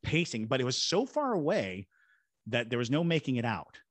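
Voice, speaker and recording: On a podcast, a ghost tour guide and paranormal investigator from Savannah, Georgia tells an animated story, voicing characters and sound effects. He has a mid-range voice with big pitch swings and a moderate pace, and the recording is dry.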